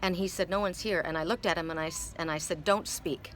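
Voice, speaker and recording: A woman's voice: fairly low pitch, fairly even intonation, fast, a bit bright, slight background noise. A middle-aged woman who reads tarot cards, telling a personal story in a rambling, emotional way with many repeated words. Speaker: tarot card reader. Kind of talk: casual spoken storytelling.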